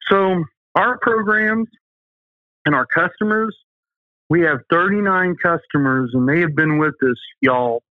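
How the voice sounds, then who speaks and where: A man's voice: high voice, unhurried, no echo. A man with a Southern US accent, a safety company owner telling folksy, emphatic stories as an interview guest. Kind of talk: interview talk. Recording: tinny phone-like line.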